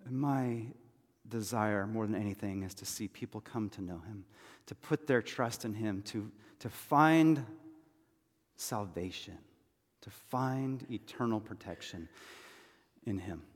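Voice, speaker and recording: A man preaching a sermon as pastor, moving between loud urgent pleading and soft, hushed reassurance. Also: fairly low pitch, unhurried, breathy edge, big-room sound.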